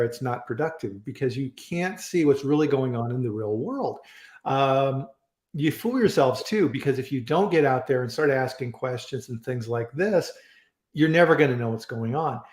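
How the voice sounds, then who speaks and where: A chatty man hosts a casual live-stream on food safety from home in Colorado, rambling with frequent restarts and fillers. His medium-pitched voice has a darkish tone and lively intonation at a moderate pace. The room is echoey.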